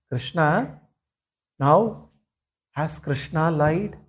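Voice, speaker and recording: A man's voice: sits high, unhurried, husky. A man, a spiritual teacher animatedly retelling a scripture story with many "you know" asides.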